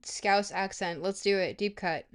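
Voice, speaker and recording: A woman's voice: mid-range voice, unhurried, smooth. Rambling, playful young woman streamer. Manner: rambling and playful, with sudden excited squeals. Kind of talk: live-stream game commentary.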